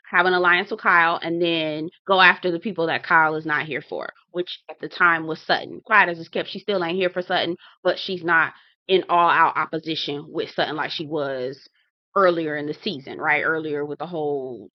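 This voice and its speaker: A woman's voice: lowish voice, no room sound. Chatty woman, dull dry audio. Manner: chatty, addresses viewers directly, acts out her own reactions. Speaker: TV reality show reviewer. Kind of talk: casual commentary to viewers.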